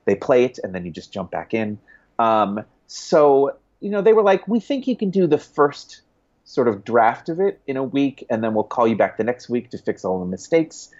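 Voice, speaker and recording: A man, a guest author, chatting casually in an interview, rambling with restarts and quick laughs. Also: mid-range voice, very animated, darkish tone. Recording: dull lo-fi sound.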